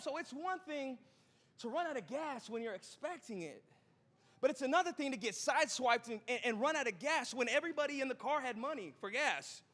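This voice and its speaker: Male pastor, high tenor, joking storyteller, long hall echo. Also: a bit bright. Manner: chatty and joking, quick asides to the crowd. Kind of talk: sermon with a storytelling opening. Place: church auditorium.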